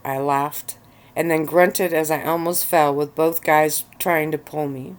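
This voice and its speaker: A woman relaxing on a bed of pillows, reading her own story aloud in a relaxed ASMR-style narration. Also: low voice, measured pace.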